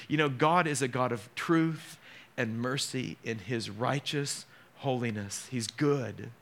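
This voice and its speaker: A middle-aged man preaching a sermon as pastor, acting out scenes with dramatic slow pauses. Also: medium pitch, animated, a bit bright.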